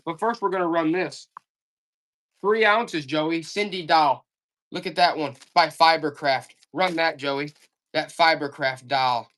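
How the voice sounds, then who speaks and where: A live online auction seller doing comic, exasperated hype, repeating offers and pleading with the audience. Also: fairly bright tone. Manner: repetitive, urgent pitch talk. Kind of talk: live selling stream patter.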